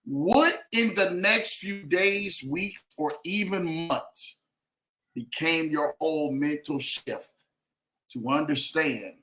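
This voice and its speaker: A man hosting a podcast interview, urging the guest to repeat key lines and backing him with steady murmurs. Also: fairly high pitch, takes it slowly. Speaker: host. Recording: roomy echo.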